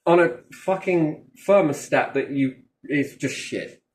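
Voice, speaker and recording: A man's voice: fairly high pitch, slow pace. Sweary, joking man in an echoey room. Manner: rambling, sweary, joking, acts out little dialogues. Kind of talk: casual chat. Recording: roomy echo.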